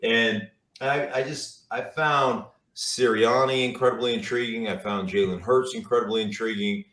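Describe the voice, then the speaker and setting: A middle-aged football analyst, appearing as a guest, tells stories in casual conversation in a steady, fairly bright mid-range voice at a moderate pace. He rambles, repeating words and using fillers, and the recording sounds roomy with a distant mic.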